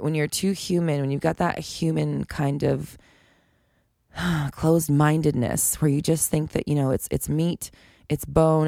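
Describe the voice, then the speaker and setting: A woman with a low voice and plenty of vocal fry talks through a solo podcast episode in a frank, chatty way. She swears freely and laughs between her points. The sound is close and dry. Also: a little mellow, no room sound. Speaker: podcast host. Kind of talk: casual solo podcast monologue.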